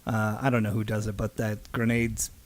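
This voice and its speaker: A man co-hosting a casual podcast, telling stories in an animated way and mimicking other people's voices. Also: moderate pace, a crowd in the background. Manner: animated storyteller, mimics voices with big pitch jumps. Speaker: podcast co-host.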